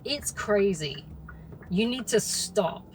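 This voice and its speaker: A woman's voice: mid-range voice, lively intonation, slow. A young woman hosting a podcast, talking bluntly and swearing freely while she drives, with laughs between her points. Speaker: podcast host. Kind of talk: casual monologue while driving. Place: in a car. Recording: loud car road noise. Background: car road noise.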